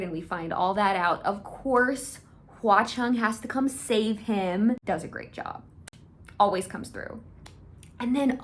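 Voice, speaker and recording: A young woman gushing through a casual fan rant, excitable and quick to swear. She takes her time, drawing her words out slowly. Her pitch sits in the middle of the range. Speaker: video creator.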